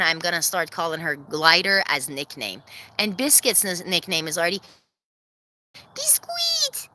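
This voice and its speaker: A woman chatting casually on a livestream from her backyard coop, laughing often, giving viewers shout-outs and calling to her hens. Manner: calls to her hens in a very high sing-song voice. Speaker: vlogger hosting a livestream premiere. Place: outdoors in a backyard by the chicken coop.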